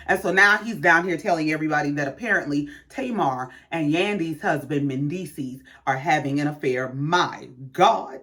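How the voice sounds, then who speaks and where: A woman's voice: mid-range voice, fairly bright tone. A woman hosting a casual gossip commentary show, telling the story in a sassy, profane way. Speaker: host.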